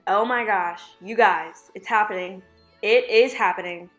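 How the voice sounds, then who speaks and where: Young woman, bubbly, chatty, gaming voice-over, mid pitch, roomy echo. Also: unhurried, fairly bright tone, soft background music. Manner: bubbly, gushing, chatty with many "like"s. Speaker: gaming YouTuber. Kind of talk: casual gameplay voice-over. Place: home room with dogs.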